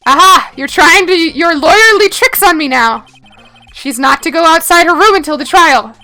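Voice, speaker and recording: Woman reading a blustering cop who says pal a lot, high and bright. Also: expressive, normal speed, heavily acted. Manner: bossy, calls everyone pal. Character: gruff blustering male police detective.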